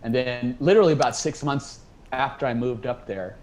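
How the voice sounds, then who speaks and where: A man as a guest musician, telling a rambling, animated story in a casual interview from home over a video call. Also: mid-range voice, normal speed, low-quality recording. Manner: rambling, animated, acts out quoted dialogue.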